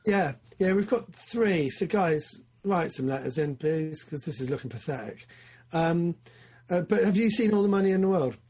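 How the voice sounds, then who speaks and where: A man co-hosts a casual film podcast in a husky, slightly raised voice. He talks eagerly, leaping into loud enthusiasm and then sinking into quiet, trailing asides. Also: moderate pace. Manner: excitable, swings from loud enthusiasm to low mumbling asides. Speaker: podcast co-host.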